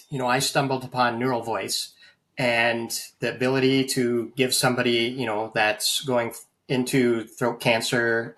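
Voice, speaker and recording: Interview guest, male, mid pitch, sincere, halting delivery with fillers. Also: sharp tone. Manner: earnest, many fillers and restarts. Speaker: guest, AI voice banking practitioner. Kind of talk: conversational interview storytelling.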